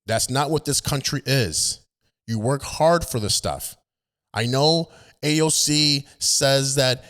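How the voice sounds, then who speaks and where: A man's voice: medium pitch, animated, slow, fairly bright tone. A man ranting as a political commentator, emphatic and indignant, stumbling into restarts.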